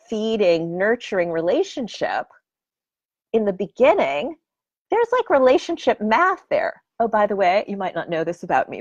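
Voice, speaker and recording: Animated woman teaching about dating. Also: medium pitch, no room sound, lo-fi sound. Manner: animated and expressive. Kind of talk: casual talk.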